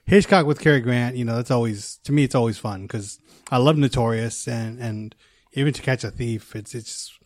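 A man's voice: mid-range voice, moderate pace, no echo. Man, middle-aged, podcast co-host, enthusiastic, restarts often, trails off, dry sound. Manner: enthusiastic, many repeated words and restarts, trailing off softly. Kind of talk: casual movie chat.

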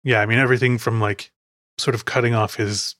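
A man's voice: medium pitch, steady tone, fairly quick, fairly bright tone, no echo, clean studio sound. A man hosting a podcast, chatting casually and digressively as he recounts film scenes. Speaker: podcast host.

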